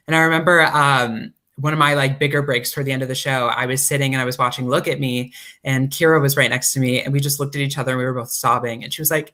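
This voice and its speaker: A man's voice: medium pitch, fast. A man, a cast member, earnestly recalling rehearsals in a casual group chat. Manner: earnest, quotes others in animated voices.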